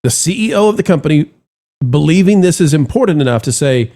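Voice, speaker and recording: Animated, theatrical man hosting a commentary chat. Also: fairly high pitch, fast talker. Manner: theatrical, mock-solemn, addresses audience as folks. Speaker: show host.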